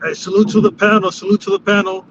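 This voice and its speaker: A man with a very high voice speaks casually and apologetically as he joins a livestream panel. His audio is dull and lo-fi, with a faint noise of traffic behind him. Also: little pitch movement, quick pace. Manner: apologetic, casual, repeats phrases. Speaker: panel guest.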